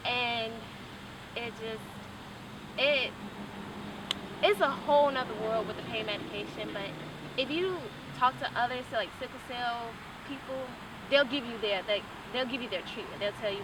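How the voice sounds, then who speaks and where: A woman's voice: a little high, moderate pace. A young woman giving an earnest, candid interview, with casual fillers and restarts. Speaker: interview guest. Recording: noisy, from a distance.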